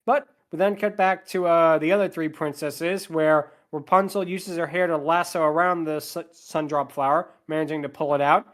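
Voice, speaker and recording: A man with a slightly higher voice hosts a casual podcast. He recaps a film's plot in a steady flow and breaks off for dry, sarcastic complaints about it. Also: moderate pace, few pauses. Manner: plot narration with sarcastic asides. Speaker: podcast host.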